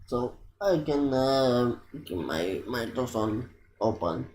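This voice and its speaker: A man's voice: medium pitch, expressive, takes it slowly, a little mellow, slight background noise. A man casually commenting while playing a game, hesitant and full of filler words. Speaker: gamer. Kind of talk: casual let's-play commentary. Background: faint game music.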